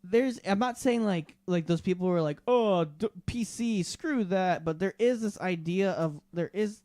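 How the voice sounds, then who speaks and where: A man's voice: high voice, moderate pace, a little mellow, no echo, clean studio sound. A young man co-hosting a podcast, explaining his views in a thoughtful, opinionated way. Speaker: podcast co-host. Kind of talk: casual chat.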